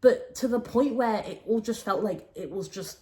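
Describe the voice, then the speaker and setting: A young woman hosting a casual storytime podcast, talking animatedly and dropping low and hushed when she quotes people. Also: normal speed. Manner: animated, swings between raised exclaiming and low, hushed quoting. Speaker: podcast host.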